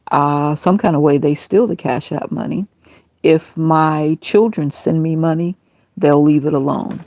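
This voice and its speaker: Gravelly woman rambling on a livestream. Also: sits low, warm tone, no echo. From Tampa, Florida area. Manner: aggrieved, emotional, digressive. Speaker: livestream host.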